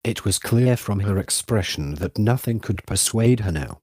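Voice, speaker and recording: Male audiobook narrator, low voice, dry close sound, measured literary reading. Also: animated, a little mellow, no room sound.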